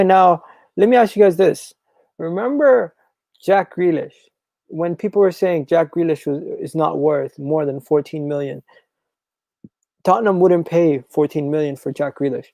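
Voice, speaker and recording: A man hosting a live football talk stream, reading viewer comments and repeating his phrases in a chatty, animated way. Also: fairly high pitch, gravelly, dry recording, low-quality recording. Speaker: football channel host.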